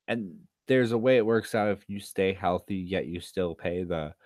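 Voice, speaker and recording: A tired man rants through a home livestream, swearing and throwing out sarcastic asides. His voice sits on the low side. The sound is dry, with no room around it. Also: takes it slowly, a little mellow, no room sound. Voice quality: profane, sarcastic. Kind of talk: casual ranting livestream talk.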